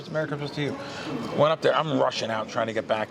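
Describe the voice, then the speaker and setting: A crowd can be heard as a man with a creaky, fairly high voice races through a long story on his podcast. The host, a professional sports bettor, keeps it casual and animated, acting out the voices of the people involved.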